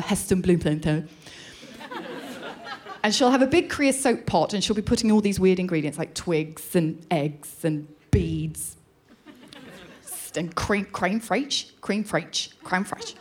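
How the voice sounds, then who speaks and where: A woman performing a stand-up comedy routine with wry, deadpan asides. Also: a little high, slight background noise.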